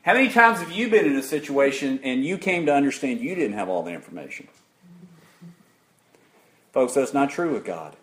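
A man preaching an interactive sermon, putting questions to the congregation in an emphatic, deliberate way. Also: mid-range voice, big pitch swings, a bit bright.

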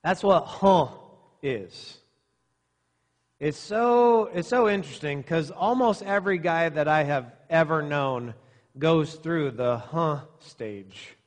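A man's voice: a little high, slow pace. A middle-aged male pastor preaching to young men, using sarcasm and exaggeration to make his point. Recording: long reverb in a hall.

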